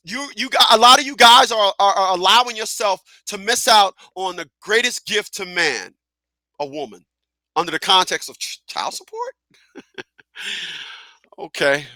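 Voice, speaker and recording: A man hosting a live talk radio show who talks in an animated, profane way, laughs often and repeats himself. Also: high voice, normal speed, pauses often, dry recording.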